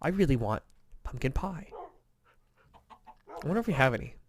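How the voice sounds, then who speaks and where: A man's voice: medium pitch, big pitch swings, moderate pace, a little hiss or hum. Tired, rambling man chatting through gameplay. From Indiana, USA. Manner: rambling, chatty, self-mocking. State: tired, yawning. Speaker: gaming commentator. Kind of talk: casual let's-play chat.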